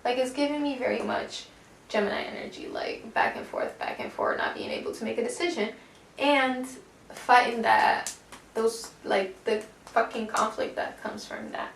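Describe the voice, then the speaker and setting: Woman doing a chill tarot reading, kinda high and gravelly, slangy, echoey room, mic a bit far. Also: steady tone, moderate pace. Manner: chatty and slangy, swears, calls listener baby. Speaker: tarot reader. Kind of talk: casual pick-a-card tarot reading. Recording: echoey room, distant mic, faint noise.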